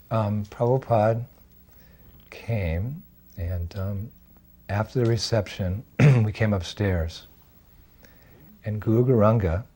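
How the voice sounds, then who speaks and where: A man's voice: on the low side, mellow, breathy edge. An older man telling personal devotional memories in a reflective storytelling way, laughing now and then. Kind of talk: storytelling memoir.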